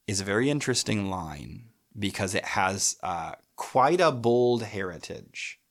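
A man giving a lecture on poetry, thoughtful, with frequent filler pauses, reading verse aloud. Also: fairly low pitch, lively intonation. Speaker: literature lecturer.

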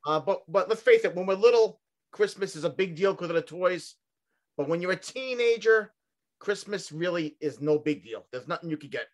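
A man's voice: high-pitched, lively intonation. Nostalgic New man reminiscing. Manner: nostalgic, measured storytelling. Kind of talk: casual reminiscing.

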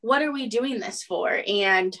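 A woman in her twenties chatting on a podcast, relaxed and candid, laughing often. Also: mid-range voice, unhurried. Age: 20s. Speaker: podcast co-host. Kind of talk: casual podcast chat.

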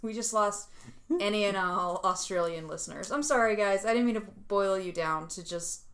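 A woman's voice: mid-range voice, normal speed, a bit bright. A woman co-hosting a comic book podcast in casual, chatty talk with frequent laughs and restarts. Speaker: podcast co-host. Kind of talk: casual chat.

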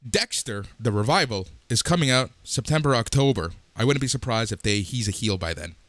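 A man with a mid-range voice recaps a wrestling show segment by segment. He is plain-spoken and brisk. His voice sounds dry and close to the mic. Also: mid-range voice, lively intonation, a bit bright, no echo. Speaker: podcast host.

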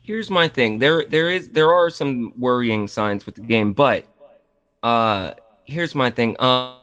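A man in a casual gaming podcast chat, mid-pitched, winding through his thoughts with fillers and restarts. The audio is slightly dull and lo-fi. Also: slow pace, fairly bright tone. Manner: rambling, enthusiastic, many fillers and restarts.

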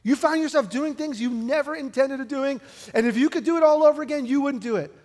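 A pastor preaching a sermon in a casual, conversational way, swinging from loud emphatic lines to hushed ones. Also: male voice, extremely high pitch, fast. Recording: long hall reverb with music behind.

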